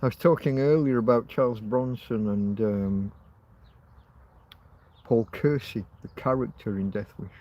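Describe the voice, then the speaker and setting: A man's voice: mid-range voice, a little slow, long pauses, darkish tone. A man hosting a casual livestream, rambling, laughing often and swearing. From Britain. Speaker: livestream host.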